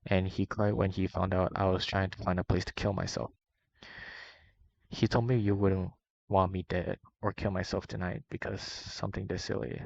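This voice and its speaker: A man with a low, gravelly voice reads a long first-person document aloud, keeping his delivery flat and steady. The sound is dry and close, with a muffled, lo-fi edge. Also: normal speed, no room sound. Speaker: reader.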